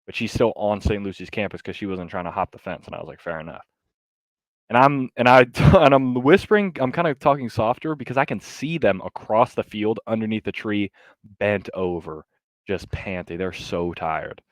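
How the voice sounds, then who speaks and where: A man co-hosting a podcast, telling a story in casual, animated chat with lots of fillers and some swearing. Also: lowish voice, moderate pace, dry recording. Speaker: podcast co-host.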